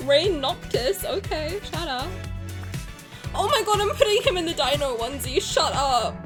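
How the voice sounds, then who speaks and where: A young woman's high, bouncy voice swoops up and down as she reacts on a live stream. She gushes, swears freely and laughs through her words. Faint music plays under her. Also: normal speed. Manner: excitable, gushing, swears often, laughs through lines. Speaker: streamer reacting to a game trailer. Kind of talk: casual live reaction chat.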